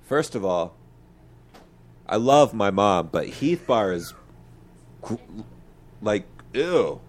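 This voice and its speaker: Laid-back, low-voiced man chatting casually. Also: very animated, slow. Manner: laid-back, swears freely, rambling. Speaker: podcast co-host. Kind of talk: casual chat.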